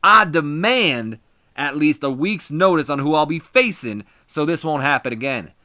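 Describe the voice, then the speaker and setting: A man voicing a brash, cocky male wrestler cutting a loud, taunting ring promo. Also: a little high, expressive, moderate pace, no room sound, pitched above the performer's own voice. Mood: defiant.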